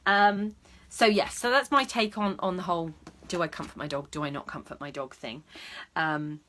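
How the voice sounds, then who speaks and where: A woman's voice: low-pitched, fairly quick, sharp tone, a little hiss or hum. A woman talking casually to camera as a dog trainer, chatty and matter-of-fact, with lots of ums and restarts. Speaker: dog trainer and vlog host. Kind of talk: casual advice talk to camera.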